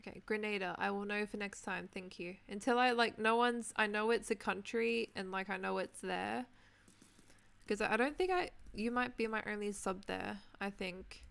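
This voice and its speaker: A young woman chatting casually while streaming a building game, reading chat names and clearing her throat, her voice tired from talking. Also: mid-range voice, moderate pace, a bit bright. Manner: chatty, reads out chat names, many ums. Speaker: Minecraft livestreamer.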